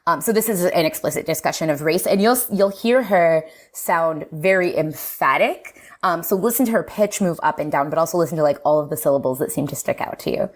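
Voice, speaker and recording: Guest linguist, woman, lower voice, animated and laughing, casual explainer. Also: a little fast, few pauses. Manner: lively, animated, laughs often, fillers like "um" and "like". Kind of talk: casual explanatory podcast talk.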